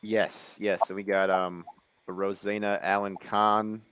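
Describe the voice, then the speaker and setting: A man's voice: lowish voice, level tone, slow, a bit bright, a little hiss or hum. A male host asking polite, hesitant interview questions with many fillers.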